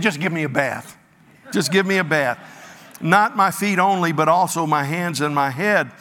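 Male preacher, fairly high bright voice, animated delivery, reverb from a big church hall. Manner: animated, voices the disciples with rising pitch. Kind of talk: sermon with scripture reading.

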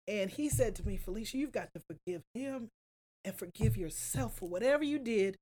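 A woman's voice: mid-range voice, animated, brisk, dark tone. A woman telling an emotional personal story as a guest, earnest and confessional, close to tears. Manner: earnest, confessional, often quotes herself.

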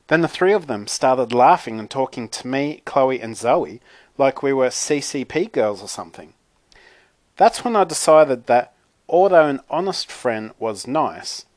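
A man's voice: medium pitch, dry recording. Wry man reading a storybook aloud. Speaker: audiobook narrator. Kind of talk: first-person storybook narration.

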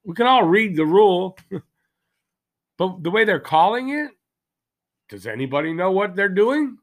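A man's voice: high voice, sing-song, a little slow. A man hosting a solo hockey podcast, ranting heatedly and firing rhetorical questions at his listeners. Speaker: podcast host. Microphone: podcast mic, also filmed for video.

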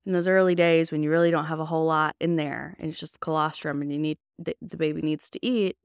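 A woman's voice: sits low, steady tone, quick pace, clear, resonant tone, dry recording, studio quality. A young woman hosting a podcast, telling a personal story in a candid, chatty way full of casual fillers. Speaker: podcast host.

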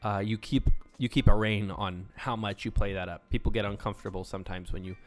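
A man co-hosting a casual podcast, explaining sales and negotiation ideas with lively inflection. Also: fairly low pitch, a little fast, soft background music. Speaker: podcast co-host.

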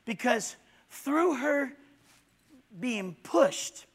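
A man preaching a fiery sermon in church, swinging from low intense murmurs to loud shouts. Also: animated, drawn-out words.

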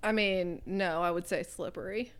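A woman's voice: on the low side, moderate pace, clear, resonant tone. A young woman chatting casually, teasing and matter-of-fact. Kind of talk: casual chat.

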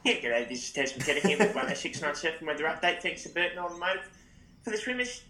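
A man's voice: fairly high pitch, big pitch swings, fast, bright, forceful tone. An Australian man in his fifties giving a radio surf report on a voice message. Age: 50s. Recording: distant echoey voice message.

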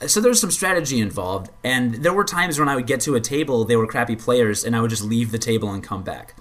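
A man's voice: mid-range voice, lively intonation, fairly quick, fairly bright tone. A man casually explaining and reviewing a video game's card minigame, rambling with frequent restarts and blunt opinions. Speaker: game reviewer. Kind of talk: casual spoken game review.

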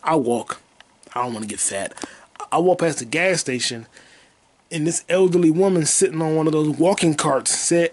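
A man hosting a podcast alone, telling crude, rambling stories and bursting into loud high yelps and sound effects. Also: moderate pace. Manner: profane, rambling storytelling. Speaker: podcast host. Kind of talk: casual solo podcast monologue.

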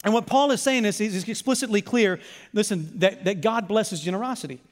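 High-voiced guy preaching, lively storyteller, big echoey church hall, gets the crowd to say stuff back. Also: fairly quick. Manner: animated storytelling, calls for congregation responses. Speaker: pastor. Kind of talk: sermon. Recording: long hall reverb.

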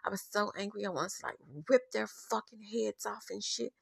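A woman's voice: mid-range voice, steady tone, moderate pace, vocal fry, a bit bright, husky, no room sound, studio quality. A woman podcast host telling a personal story in a candid, profane, openly angry way.

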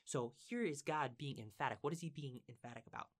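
A man's voice: mid-range voice, brisk, a bit bright. A man teaching from the Bible in a casual, conversational way. He is earnest and emphatic, repeats words for stress and asks his listeners questions.

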